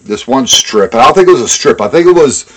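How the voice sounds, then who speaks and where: A podcast co-host with a mid-range, expressive voice talks briskly, bluntly and profanely in a casual chat that often goes off on tangents.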